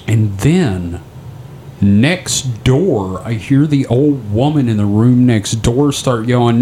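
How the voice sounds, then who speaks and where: A man's voice: medium pitch, animated, slow pace, warm tone, a little hiss or hum. A man co-hosting a podcast, telling a long rambling story in casual, profane chat. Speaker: podcast co-host.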